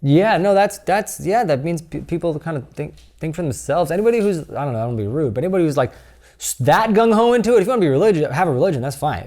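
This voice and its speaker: A man's voice: high-pitched, a little mellow. A man who is a comedian, chatting as a podcast guest in a studio. He swears freely, laughs often and acts out little quotes. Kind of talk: casual podcast chat.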